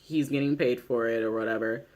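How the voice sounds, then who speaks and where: A man's voice: mid-range voice, steady tone, a little fast, a little mellow. A man casually recapping a TV episode. He rambles, leans on "like" and "you know", swears freely, and laughs easily. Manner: laughs easily while telling. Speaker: YouTube show recapper.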